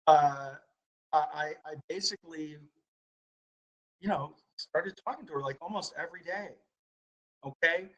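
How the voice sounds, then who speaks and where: A man's voice: high-pitched, sharp tone, low-quality recording. Blunt man on a laptop live stream. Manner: blunt and profane, repeats questions at viewers. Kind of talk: live stream chat with viewers. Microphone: laptop built-in mic.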